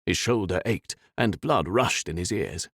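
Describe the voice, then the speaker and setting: A man reading a fantasy audiobook in an expressive, dramatic way. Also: low-pitched, unhurried, no room sound, clean studio sound. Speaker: audiobook narrator. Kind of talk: scripted fantasy narration.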